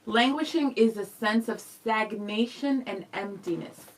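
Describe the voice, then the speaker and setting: A young woman co-hosting a radio show, chatting casually and reading viewer comments aloud in a lively way. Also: fairly high pitch, a little slow, low-quality recording. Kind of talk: casual live-stream chat.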